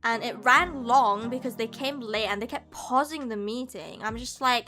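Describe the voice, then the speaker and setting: A woman's voice: fairly high pitch, normal speed, bright, forceful tone. A woman streamer chatting casually with her viewers, venting animatedly and laughing often. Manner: chats back to viewers' messages. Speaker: VTuber streamer. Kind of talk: casual live-stream chat.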